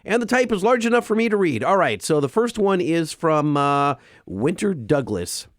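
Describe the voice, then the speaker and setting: A very animated man with a fairly high voice co-hosts a podcast at a moderate pace, joking around and teasing his co-host. The studio sound is clean, with no echo.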